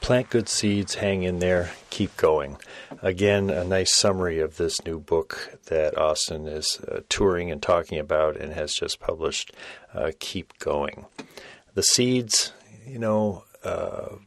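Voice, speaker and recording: An older man hosting a podcast, reflecting thoughtfully and haltingly with many fillers. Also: low voice. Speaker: podcast host.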